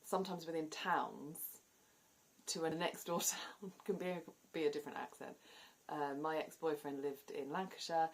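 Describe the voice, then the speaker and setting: A woman's voice: low-pitched, fairly even intonation, moderate pace. A woman with a southern English accent, chatting casually to camera as a vlogger and laughing often between points. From southern England. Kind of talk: casual explanatory vlog.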